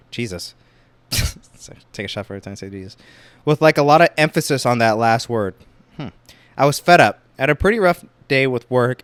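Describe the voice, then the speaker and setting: A young man hosting a solo podcast, chatting casually and reading online posts aloud with quick exclamations. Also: medium pitch, clear, resonant tone, no echo. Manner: casual, rambling, exclaims reactions while reading. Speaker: podcast host.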